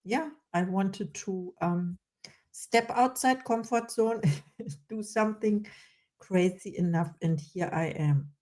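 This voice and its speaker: Mellow-voiced woman host, laughing lightly. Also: mid-range voice, slow pace. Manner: warm, laughs often while talking. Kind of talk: interview.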